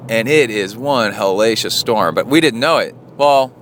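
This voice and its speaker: A middle-aged man who hosts a podcast and coaches triathletes talks through a casual spoken diary with a fairly low voice at a moderate pace. He rambles with many fillers and restarts but grows animated when retelling a story. There's slight background noise.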